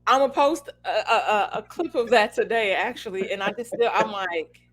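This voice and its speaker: A woman's voice: mid-range voice, moderate pace, a bit bright. A woman in her thirties co-hosting a casual podcast, joking and laughing often as she talks. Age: 30s. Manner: laughs often, playful and self-mocking. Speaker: podcast co-host.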